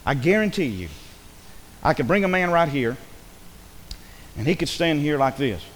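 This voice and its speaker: A man preaching a sermon in a church, animated and conversational, with quick asides and acted-out quotes. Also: a little high, a little hiss or hum. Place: church sanctuary. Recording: long hall reverb.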